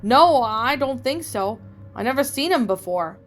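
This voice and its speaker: A woman's voice: high voice, lively intonation, unhurried, faint music behind. A woman reading the part of a level-headed young man who reasons firmly with his friends, in a fan fiction reading. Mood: calm.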